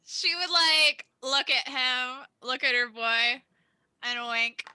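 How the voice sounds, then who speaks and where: A woman's voice: high voice, slow, bright, forceful tone, smooth, no echo, rough recording. A woman playing in a tabletop role-playing game, giggly and playful. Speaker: player.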